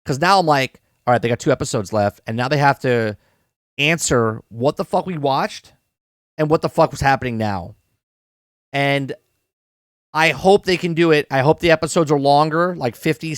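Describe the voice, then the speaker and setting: A fairly high-voiced man talks through a TV episode on a live stream, rambling and circling back on his words. He curses offhandedly and keeps checking in with his chat. The sound is dry and close, with no room around it. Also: moderate pace, no room sound. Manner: rambling, repeats words, addresses chat, swears casually. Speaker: podcast host reviewing a TV episode. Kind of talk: casual live-stream review.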